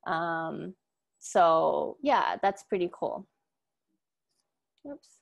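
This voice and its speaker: A woman's voice: low-pitched, lively intonation, drawn-out words, creaky. A young woman giving a casual class presentation, talking loosely with frequent ums and upbeat asides. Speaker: student presenter.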